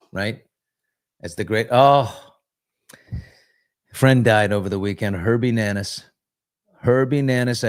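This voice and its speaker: A middle-aged man hosting a live morning chat show, talking loosely and candidly with viewers and rambling through stories with restarts. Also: on the low side. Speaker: talk show host.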